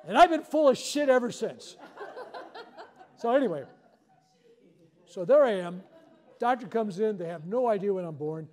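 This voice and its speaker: A man's voice: sits high, lively intonation, moderate pace, pauses often, a little mellow. A man leading a spiritual workshop, telling a personal story to a live audience in a joking, self-deprecating way.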